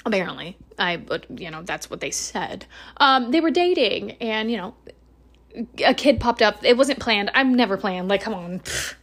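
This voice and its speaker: A woman's voice: mid-range voice, lively intonation, moderate pace. A woman telling a personal story in a casual, rambling podcast monologue, swearing freely and laughing between lines.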